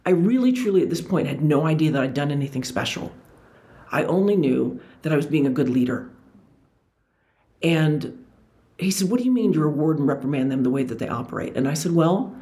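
A woman motivational speaker telling her own story, acting out both sides of the dialogue. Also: deep voice. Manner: lively storytelling, acts out dialogue. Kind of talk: personal story talk.

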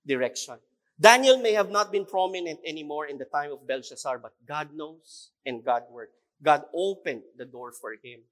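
A man's voice: fairly high pitch, a bit bright. A male pastor with a Filipino accent preaching a sermon, emphatic and repeating key phrases, sometimes switching into Tagalog. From Philippines.

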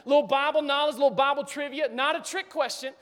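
High-voiced, energetic preacher. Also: male voice, quick pace. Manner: energetic, casual, talks straight to the congregation and jokes. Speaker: pastor. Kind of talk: sermon. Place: church sanctuary. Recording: reverberant hall.

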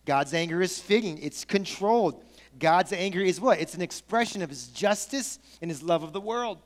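A man delivers a sermon in a conversational, animated way, moving between storytelling and casual asides to his congregation. His voice sits high for a man. The sound carries the long reverb of a large hall. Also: moderate pace. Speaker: pastor.

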